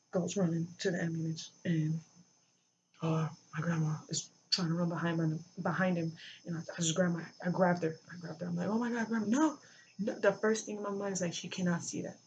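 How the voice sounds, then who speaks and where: A vlogger telling a personal story in a halting way, full of fillers and restarts, recorded near a road with cars going by. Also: mid-range voice. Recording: dull lo-fi with faint traffic noise.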